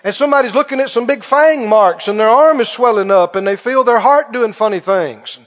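A man preaching a sermon to a congregation in an auditorium, dramatic and questioning, slowly drawing out key words. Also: extremely high pitch. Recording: dull lo-fi sound with long hall reverb.

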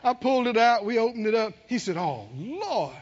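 A man with an extremely high-pitched voice talks fast, with a little hiss or hum in the background. He preaches a sermon in an animated way, laughing as he tells a story and calling out to the congregation. The recording is dull and lo-fi.

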